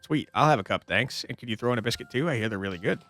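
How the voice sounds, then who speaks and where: A man playing through a story game and chatting casually about choices and characters. He laughs often, with a lively, bouncing voice. Soft music plays behind him. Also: medium pitch, rapid-fire, no echo. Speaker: gamer, streamer. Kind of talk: let's-play commentary.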